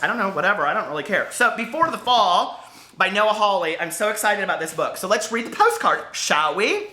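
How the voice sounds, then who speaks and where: Brief: American male book vlogger, rambling chatty delivery, bright forceful tone, roomy echo. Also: high voice. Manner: chatty, rambling, lots of asides and fillers. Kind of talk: casual unboxing chat to camera. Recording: echoey room.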